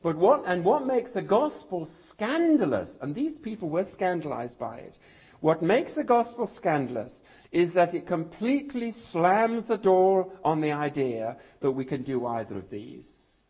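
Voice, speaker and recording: An older man from England preaching a sermon as pastor, with dramatic pauses and key words dropped almost to a whisper. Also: high voice, big pitch swings, darkish tone, breathy edge.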